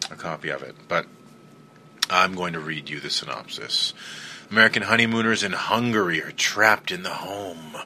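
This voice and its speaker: Male podcast host, very deep and unhurried, rambling with fillers, bright tone. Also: a little hiss or hum. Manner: rambling, relaxed, many fillers. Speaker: podcast host and film reviewer. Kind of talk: casual solo podcast talk.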